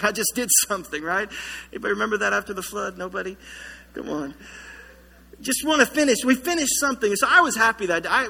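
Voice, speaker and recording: A man preaching a sermon as pastor in a church, telling a story with lively humor. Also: high-pitched, long reverb tail. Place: church sanctuary.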